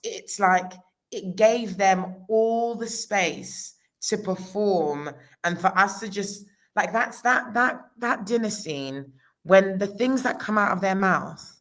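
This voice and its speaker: A woman's voice: mid-range voice, slow pace. A woman, a costume designer talking casually in an interview, with many restarts. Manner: chatty, many restarts and fillers.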